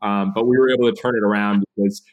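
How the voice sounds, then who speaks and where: A man in his thirties, a podcast guest, telling stories in a casual animated way and acting out quoted dialogue. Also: fairly low pitch, fast, lo-fi sound. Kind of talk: casual interview storytelling.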